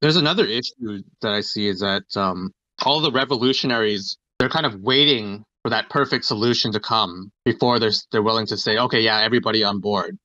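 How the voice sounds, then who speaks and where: A man's voice: on the low side, fairly quick, hardly any pauses, bright, forceful tone, no room sound. Tense-voiced man, dry lo-fi sound. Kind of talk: casual podcast discussion. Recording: dry, dull lo-fi mic.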